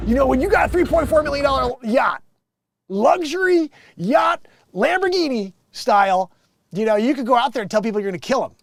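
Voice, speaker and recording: A man's voice: very high-pitched, expressive, quick pace, vocal fry. A man hosting a casual online show, reading news stories and riffing on them with jokes. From United States. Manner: joking, acts out quotes. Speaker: vlog host reading news.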